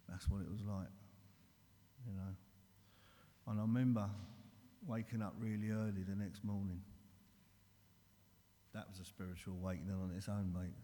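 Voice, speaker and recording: A man gives an earnest, plain-spoken recovery share, calling the room "mate" again and again. His voice is warm and mellow at a middle pitch. A long hall reverb trails behind every line. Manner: earnest, blunt, peppered with "mate". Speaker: recovery speaker.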